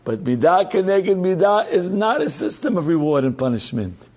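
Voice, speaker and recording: Middle-aged new rabbi telling a story in a torah class, kinda high voice, gets loud and emphatic then drops low. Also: male voice, normal speed. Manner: animated, swings between loud emphatic peaks and quiet asides.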